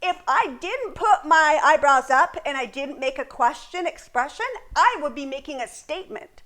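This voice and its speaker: A woman's voice: sits high, expressive, moderate pace, pushed and bright. A woman teaching a beginner sign language lesson in a chatty, explaining way, with frequent laughs. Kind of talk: casual video lesson.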